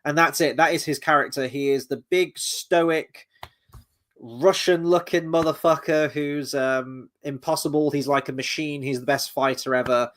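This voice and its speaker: A man's voice: on the high side, fairly even intonation, normal speed, fairly bright tone. A British man chatting casually on a live stream as a reviewer, rambling with frequent fillers and casual swearing. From Britain. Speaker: film and TV reviewer.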